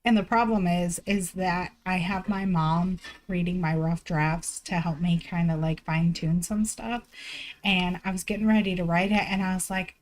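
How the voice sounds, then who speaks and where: A woman's voice: on the low side, fairly even intonation, moderate pace, low-quality recording. A woman live streamer chatting casually from home, rambling and self-deprecating, swearing freely and filling her talk with "like". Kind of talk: casual chat.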